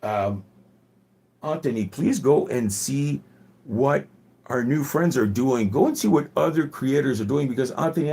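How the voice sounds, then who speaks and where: Husky man with a slight Quebec French accent. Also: mid-range voice, darkish tone. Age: 40s. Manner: rambling, profane and earnest. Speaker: gaming streamer. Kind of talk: casual livestream chat.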